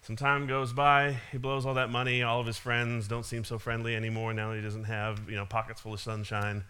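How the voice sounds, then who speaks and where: A man's voice: mid-range voice, little pitch movement, fairly quick, sharp tone, smooth. A man giving a casual sermon, retelling a parable with frequent small laughs and restarts. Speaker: preacher.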